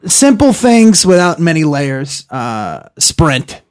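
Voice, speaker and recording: A man's voice: on the high side, big pitch swings, slow. A man who stutters, chatting as a comedian guest on a podcast, with frequent restarts. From South Florida. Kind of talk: casual podcast chat.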